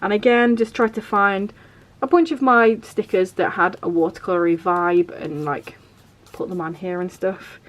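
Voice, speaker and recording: A woman's voice: medium pitch, fairly even intonation, normal speed, hardly any pauses. Chatty woman flipping through her journal. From England. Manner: chatty, rambling, uses filler like "like" and "vibe". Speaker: vlogger. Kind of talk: casual journal flip-through.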